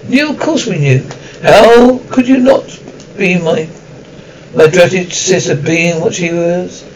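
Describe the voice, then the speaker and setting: A shrill, spiteful middle-aged woman rants with years of resentment, played by a man reading a storybook. Her voice rides high and shrieking. It sounds a little back from the microphone. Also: takes it slowly, distant mic, noisy background. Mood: bitter.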